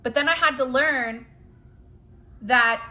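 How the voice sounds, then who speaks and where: A woman with a high, bright voice gives a spiritual reading straight to her viewers. She is chatty and emphatic and uses plenty of casual fillers. The tone is conversational and encouraging throughout. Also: takes it slowly. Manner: chatty, emphatic, addresses viewers directly with "like" and "you know". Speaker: spiritual card reader. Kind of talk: direct-to-camera spiritual reading.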